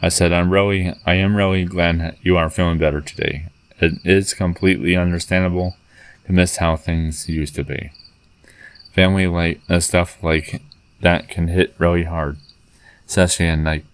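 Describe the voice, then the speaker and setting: A man vlogging, retelling a text conversation in an earnest, rambling and halting way. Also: sits low, steady tone, clear, resonant tone. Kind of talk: casual spoken retelling of a text chat.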